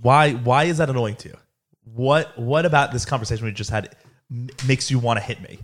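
A young man in a heated family argument who stays calm and keeps pressing questions, picking at the literal meaning of words. He speaks at an ordinary male pitch and pace. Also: a little fast. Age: young adult.

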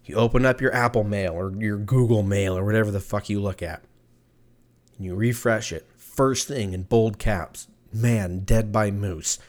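Male podcast host, lower register, loose profane storytelling rant, laughs a lot, spikes up high for punchlines. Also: moderate pace. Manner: rambling, profane, laughs often; animated, jumps pitch when excited. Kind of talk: casual solo rant.

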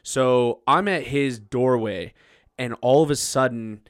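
Animated young man telling a story. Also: medium pitch, slow pace, no echo, clean studio sound. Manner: animated, laughing, acts out quotes loudly. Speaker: podcast host. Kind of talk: casual storytelling.

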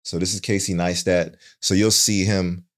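Deep-voiced laid-back man podcasting. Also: flat delivery, normal speed. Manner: laid-back, many fillers and restarts. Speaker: podcast co-host. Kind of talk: casual podcast chat.

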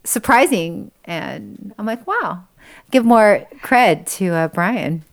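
Giggly, animated woman chatting. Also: mid-range voice, takes it slowly, creaky. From Orange County, California. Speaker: podcast co-host. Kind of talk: casual chat.

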